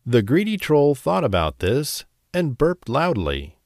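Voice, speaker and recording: A man narrating a bedtime story in a slow, expressive, gentle way. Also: mid-range voice, no room sound, clean studio sound.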